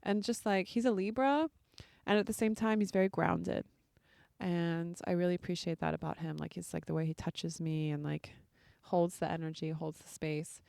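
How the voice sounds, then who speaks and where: A woman's voice: on the low side, fairly even intonation, moderate pace, vocal fry, darkish tone, no room sound, studio quality. A woman hosting a podcast, telling a personal story in a casual, chatty way full of filler words. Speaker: podcast host.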